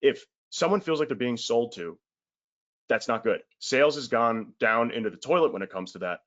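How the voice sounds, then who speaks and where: A man's voice: medium pitch, animated, moderate pace, fairly bright tone, highs cut off. A man giving a casual webinar sales talk, blunt and emphatic, in colloquial words with the odd swear.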